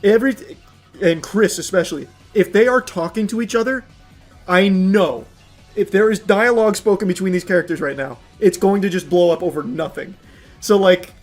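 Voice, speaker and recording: A man's voice: high-pitched, moderate pace, faint music behind. A young adult man streaming, ranting casually with lots of swearing and frequent laughter. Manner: animated, profane, laughing often. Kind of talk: casual livestream rant.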